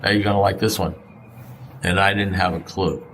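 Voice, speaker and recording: A man with a fairly low voice gives a blunt, conversational share at a recovery meeting. He keeps firing rhetorical questions at the room and swears now and then. A faint hiss of noise sits under the recording. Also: steady tone, fairly quick, fairly bright tone, low-quality recording.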